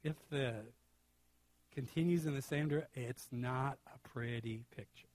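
A middle-aged man preaching a sermon, quoting scripture and swinging from hushed asides to loud, drawn-out stress. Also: mid-range voice.

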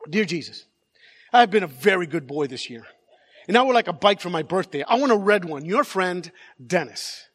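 A man's voice: high voice, expressive, normal speed, a bit bright. A man voicing a naughty little boy who schemes through his letters in an exaggerated reading voice. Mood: earnest.

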